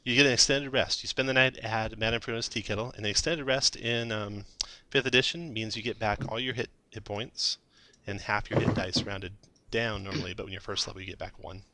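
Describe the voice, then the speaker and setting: A man with a lowish, bright voice runs a tabletop game, narrating scenes and rules at an easy pace. He pauses for fillers now and then while explaining. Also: steady tone, no echo. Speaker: dungeon master.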